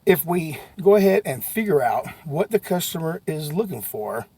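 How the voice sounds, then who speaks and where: Animated, gravelly-voiced man. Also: on the high side, moderate pace. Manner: folksy and animated, jumps to sudden shouts. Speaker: sales trainer. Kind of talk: motivational sales talk to camera.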